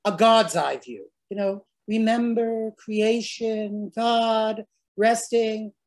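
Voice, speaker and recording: A woman giving an animated lecture on scripture, often checking in with "right?" and dropping Yiddish words. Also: on the high side, slow pace. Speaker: teacher.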